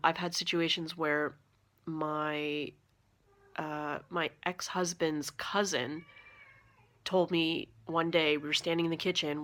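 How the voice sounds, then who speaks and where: A Canadian woman in her thirties, telling a story to camera in a chatty, animated way full of fillers. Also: sits low. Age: 30s. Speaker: vlogger.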